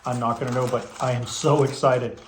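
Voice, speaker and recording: Man, tired and hoarse, chatty and rambling; reverberant room, faint hiss. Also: mid-range voice, level tone, brisk. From Canada. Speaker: pipe tobacco vlogger. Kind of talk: casual vlog chat.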